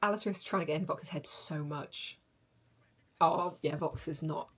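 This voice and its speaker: A young woman reacting to a show on her channel, gasping and gushing excitedly. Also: low-pitched, normal speed, breathy edge. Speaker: reaction video host. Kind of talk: casual reaction commentary.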